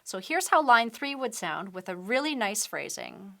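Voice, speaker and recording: A woman's voice: a little high, big pitch swings, moderate pace. A woman piano teacher giving a patient, step-by-step tutorial, explaining techniques while she demonstrates at the keyboard. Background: piano playing.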